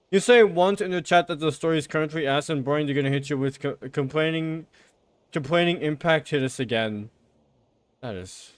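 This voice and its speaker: A man streaming a game, giving casual commentary with sarcastic remarks, frequent swearing and excitable outbursts. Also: on the high side, no room sound.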